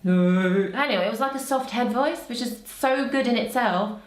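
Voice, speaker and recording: A woman's voice: fairly high pitch, moderate pace. A woman, a vocal coach, chatting casually and exclaiming as she reacts, with frequent laughs. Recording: echoey room.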